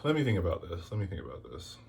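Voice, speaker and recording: A man's voice: sits low, wildly swooping pitch, racing, creaky, darkish tone, slight background noise. Exasperated man scolding through a tarot reading. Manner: exasperated, scolding, rhetorical questions. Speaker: tarot reader. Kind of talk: casual tarot reading to camera.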